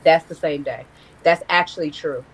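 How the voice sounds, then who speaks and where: A woman's voice: sits low, normal speed, husky, low-quality recording. A woman, a guest telling a blunt, profane story in a casual live-stream interview. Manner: candid, profane, animated storytelling.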